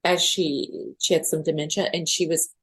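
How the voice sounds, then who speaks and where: A woman's voice: low-pitched, little pitch movement, normal speed, slightly rough. A middle-aged woman guest on a podcast interview, speaking earnestly and emotionally. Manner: emotional, earnest, tearful at times. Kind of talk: interview conversation.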